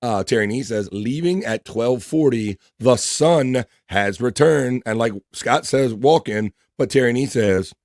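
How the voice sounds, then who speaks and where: A man's voice: mid-range voice, unhurried, hardly any pauses, a little mellow, dry recording, studio quality. A man hosting a casual livestream, reading viewers' messages aloud and greeting them by name in a loose, profane way. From East Coast of the United States. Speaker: livestream host reading chat.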